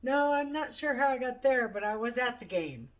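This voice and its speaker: A woman's voice: on the high side, expressive, moderate pace, distant mic, pitched above the performer's own voice, lightly acted. Woman quoting a sleazy drunk male passenger.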